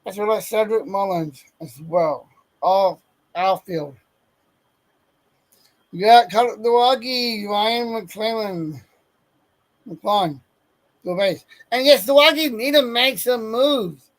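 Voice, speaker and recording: A man talks sports casually, working through a list of names at an unhurried pace. His voice sits high for a man. He trips over names, backs up and tries again. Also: low-quality recording. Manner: stumbles over player names, self-correcting; reading from a list. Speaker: sports podcast host.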